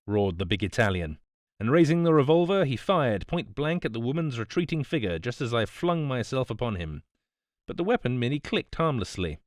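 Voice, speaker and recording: A man narrating an audiobook in a calm, measured storytelling voice on a close mic. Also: medium pitch, dry recording. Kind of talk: scripted narration.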